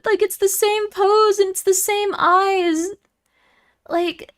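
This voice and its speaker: A woman's voice: very high voice, fairly even intonation, slow pace, a bit bright. A young woman streaming and chatting casually with viewers, giggly and easily moved, with lots of fillers.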